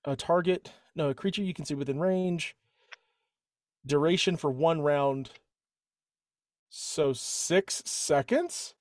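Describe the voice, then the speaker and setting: A man's voice: fairly high pitch, slow pace, long pauses, no room sound, clean studio sound. Rambling man thinking aloud at the table. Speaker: player. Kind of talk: casual tabletop game chat.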